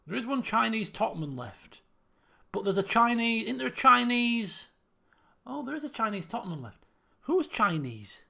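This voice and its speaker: A man's voice: extremely high pitch, very animated, normal speed, creaky, sharp tone. A man streaming a game, thinking aloud in casual commentary and repeating himself as he works things out. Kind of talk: casual let's-play commentary.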